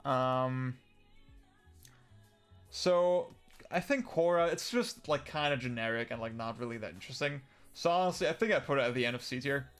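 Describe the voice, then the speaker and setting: A man's voice: mid-range voice, expressive, moderate pace, clean tone, faint music behind. A young man chatting casually on a livestream, answering viewer comments in a rambling way, with lots of fillers, restarts and casual swearing. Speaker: livestream host.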